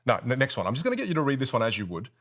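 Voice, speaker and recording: A man coaching speaking skills in a podcast studio, animated and melodic, swooping between high and low. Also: racing. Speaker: communication coach.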